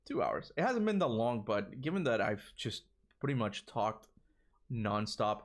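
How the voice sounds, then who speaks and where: Speaking unhurriedly with big swings in his medium-pitched voice, a young Toronto-accented gaming streamer chats casually on a livestream. He comes across as tired, rambling and restarting words amid frequent chuckles.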